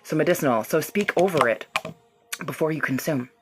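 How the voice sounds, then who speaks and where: A woman leads a live energy-healing stream and speaks in a casual, rambling way. She greets her viewers and laughs easily between thoughts. Soft music plays faintly under her voice. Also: deep voice, fairly quick. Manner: chatty and loose, laughs often, talks straight to viewers. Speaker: reiki healer hosting a livestream.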